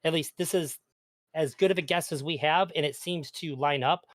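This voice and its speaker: This interview guest has a slightly high, somewhat bright voice at a normal pace. Earnest and argumentative in a casual debate, he often stumbles and starts his sentences over.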